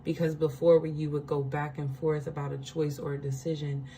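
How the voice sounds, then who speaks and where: A woman's voice: sits low, level tone, a little fast, warm tone, slight background noise, low-quality recording. A woman giving a casual spiritual card reading, chatty, laughing often and checking in with her listeners.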